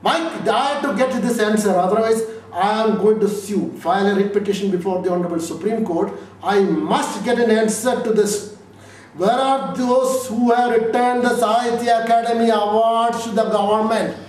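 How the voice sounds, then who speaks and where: A man's voice: sits high, fairly even intonation, normal speed, a little mellow. A man from India, a lawyer giving an interview, speaking emphatically with repeated lists and rhetorical questions. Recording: echoey room from far off, faint noise.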